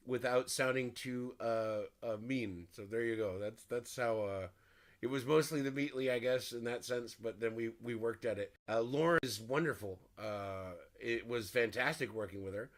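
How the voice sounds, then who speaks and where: A man, a voice actor, answering interview questions in a warm, rambling, reminiscing way. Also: mid-range voice, animated, normal speed.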